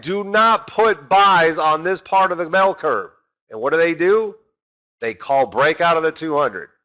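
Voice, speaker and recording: Guy teaching trading, punchy, answers his own questions, bright tense voice. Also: medium pitch. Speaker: trading instructor.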